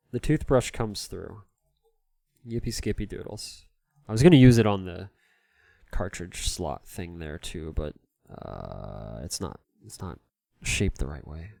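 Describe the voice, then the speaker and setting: A man's voice: deep voice, vocal fry, darkish tone, no echo. A man chatting casually to his live-stream viewers while cleaning a console, rambling and self-deprecating, laughing often.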